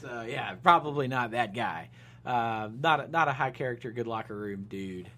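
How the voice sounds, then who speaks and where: A man's voice: mid-range voice, lively intonation, normal speed, sharp tone. Rambling man in casual sports talk. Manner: rambling, many restarts and fillers, laughs at own jokes. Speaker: podcast co-host.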